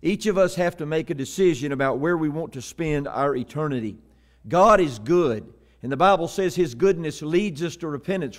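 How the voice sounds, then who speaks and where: Folksy, high-voiced preacher from Texas. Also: male voice. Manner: folksy storytelling, rising to emphatic Bible reading. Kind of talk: sermon with humorous stories.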